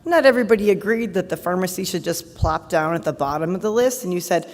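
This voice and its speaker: Woman, conference presenter, fast and upbeat, slightly hoarse, lower voice, long hall reverb. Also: lively intonation, darkish tone. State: voice going hoarse. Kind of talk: product update presentation. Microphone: handheld or podium mic.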